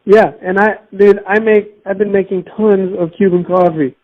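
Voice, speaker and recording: A man's voice: sits high, steady tone, normal speed, narrow, tinny audio. A man from Miami chatting on a podcast, telling stories in a rambling way. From Miami, United States. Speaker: podcast co-host. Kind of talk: casual chat.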